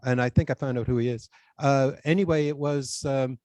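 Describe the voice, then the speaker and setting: A man speaking as a webinar guest on a video call, sharing a thought in an unhurried, reflective way. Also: mid-range voice, steady tone, mellow, dry recording. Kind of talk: reflective anecdote.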